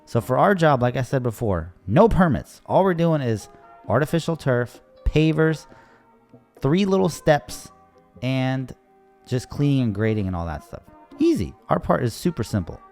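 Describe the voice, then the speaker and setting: A man's voice: mid-range voice, very animated, normal speed, a little mellow, faint music behind. A young man, a landscaping contractor, casually telling an exasperating job story in voice-over and acting out the people he quotes. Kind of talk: voice-over narration over timelapse.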